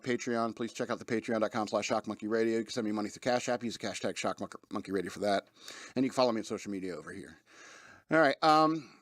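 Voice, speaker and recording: A man's voice: medium pitch, fairly bright tone, no room sound, clean studio sound. A man hosting a casual radio talk show, rambling with frequent laughs and restarts. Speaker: host.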